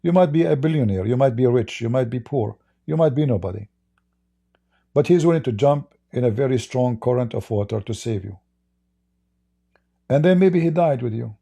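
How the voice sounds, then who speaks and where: A man's voice: mid-range voice, lively intonation, moderate pace, vocal fry, mellow, breathy edge. A man with an Arabic accent speaking to viewers as an online religious debater, sarcastic and repetitive, with stammering restarts. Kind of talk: addressing viewers in a stream.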